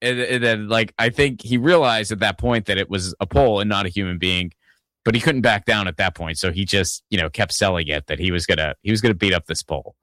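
A man's voice: lowish voice, quick pace, a bit bright, no room sound, studio quality. A man from Pittsburgh hosting a casual political podcast, rambling and swearing, often restarting his sentences. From Pittsburgh, Pennsylvania. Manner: rambling, profane, full of restarts and asides. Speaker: podcast host.

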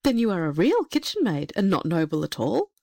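Woman voicing a gentle young prince. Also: fairly low pitch, huge pitch swings, a little fast, vocal fry, no echo, studio quality, exaggerated voice. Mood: tender. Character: young brave prince, earnest and loving.

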